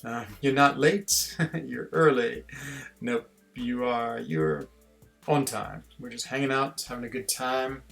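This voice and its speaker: Man from switzerland, gravelly voice, casual game-stream chatter, faint music behind. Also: mid-range voice, slow pace, a bit bright. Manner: chatty, self-deprecating, reads chat aloud. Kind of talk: casual gameplay stream chat.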